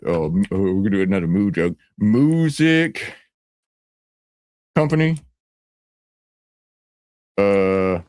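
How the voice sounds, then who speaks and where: A man's voice: mid-range voice, dry recording, clean studio sound. A man playing a brash, boastful stock-hype guru who talks in swaggering slang and rambles. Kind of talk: comedic character skit.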